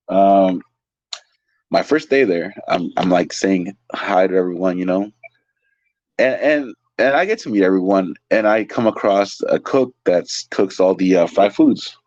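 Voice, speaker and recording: Guest: low-pitched man, animated, profane storyteller, dull lo-fi dry audio. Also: no echo. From California. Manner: animated, swears a lot, lots of "like" fillers. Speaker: guest, restaurant waiter. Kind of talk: casual storytelling.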